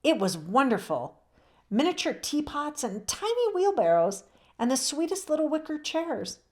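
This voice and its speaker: A dreamy girl from a storybook who gushes over small, lovely things. A woman voices her while reading aloud, letting her voice rise with excitement. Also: high voice, normal speed, pitched above the performer's own voice. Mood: delighted. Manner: wistful, enthusiastic. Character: dreamy girl cousin, aspiring poet.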